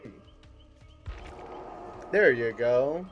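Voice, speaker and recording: A man's voice: mid-range voice, animated, extremely slow, muffled recording, a little hiss or hum. A man streaming a game from home, chatting casually with viewers and cheering and laughing often. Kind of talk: casual gaming livestream chat.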